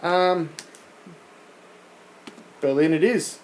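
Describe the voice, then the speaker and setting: A man's voice: a little high, drawn-out words, slight background noise, poor audio. Teasing man reading a quiz. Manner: teasing, laughs often. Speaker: podcast co-host reading quiz questions. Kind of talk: casual banter.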